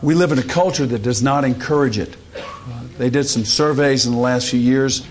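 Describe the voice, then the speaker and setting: A man's voice: mid-range voice, normal speed, slight background noise. Folksy preacher man. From Louisiana, US. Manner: folksy storytelling with fillers. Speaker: conference speaker. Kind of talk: humorous sermon talk.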